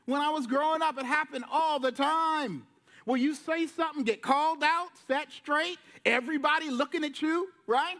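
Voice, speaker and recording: A man preaching a sermon from a church, telling the story with lively voices and casual slang. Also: very high-pitched, normal speed. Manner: lively storytelling, acting out Jesus and disciples in slang. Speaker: pastor. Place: church sanctuary.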